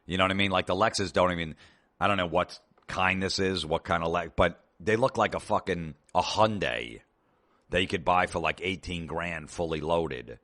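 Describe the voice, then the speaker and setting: Low-voiced sarcastic male comedian. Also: normal speed, fairly bright tone. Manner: sarcastic, profane, exasperated. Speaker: comedian host. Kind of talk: comedic rant.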